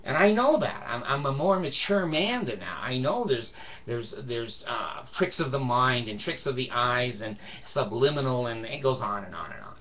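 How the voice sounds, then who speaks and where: A man's voice: mid-range voice, animated, moderate pace, dull audio. Blunt, profane older man storyteller. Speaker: vlogger. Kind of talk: casual storytelling monologue.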